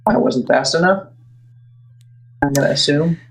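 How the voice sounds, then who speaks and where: Low-key man playing a game. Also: measured pace, rough recording. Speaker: co-player. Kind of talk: casual let's play chat.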